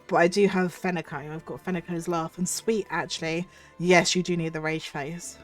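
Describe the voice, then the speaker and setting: A woman streamer with a cold chats casually and effusively to her viewers. Her voice is husky from the cold. Faint music plays in the background. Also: lowish voice, level tone, moderate pace. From United Kingdom. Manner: chatty and effusive, thanks viewers warmly. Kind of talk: casual livestream chat.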